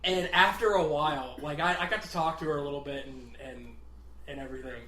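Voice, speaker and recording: A young man telling a story on a casual podcast, animated and swearing, laughing at himself as he goes. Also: fairly high pitch, fairly quick. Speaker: podcast co-host. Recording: roomy echo.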